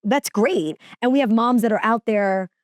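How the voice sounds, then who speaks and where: A woman's voice: a little high, moderate pace, no echo. A woman guest, a working mom and TV reporter, telling personal stories in a casual podcast chat, earnest and full of "like" fillers and restarts.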